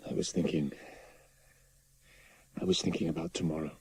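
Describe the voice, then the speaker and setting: Man playing a worn-out officer, very low and breathy, slow and hushed. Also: steady tone, full character voice. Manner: quiet, hushed, half-whispered. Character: exhausted, shaken young male cavalry officer. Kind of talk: radio drama acting.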